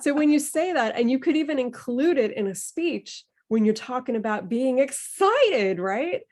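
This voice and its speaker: A woman's voice: high-pitched, animated, normal speed, a little mellow. A woman leading an online voice workshop over a video call, playful and encouraging. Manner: playful, encouraging, demonstrates emotions with her voice. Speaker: workshop leader.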